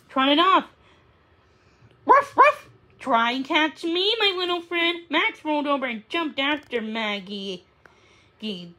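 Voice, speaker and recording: High-voiced woman reading a storybook. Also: fairly bright tone. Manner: unhurried, with small slips and restarts. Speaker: story reader. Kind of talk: reading a children's book aloud.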